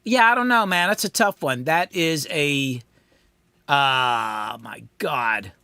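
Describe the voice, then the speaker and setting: A man's voice: on the high side, takes it slowly, bright, forceful tone, smooth. A man hosting a casual live stream from his home mixing studio, thinking aloud and rambling in a self-deprecating way, with lots of ums.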